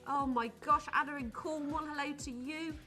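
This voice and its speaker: A woman's voice: sits high, steady tone, moderate pace, bright, forceful tone, soft background music. A woman presenting live on a shopping channel in a studio, gushing and enthusiastic as she greets viewers by name.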